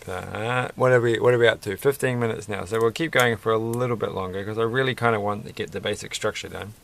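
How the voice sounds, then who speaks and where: A man's voice: on the low side, fairly even intonation, fast, creaky, fairly bright tone, a little hiss or hum. A man chatting casually while building a Lego set, rambling and musing with a self-deprecating manner.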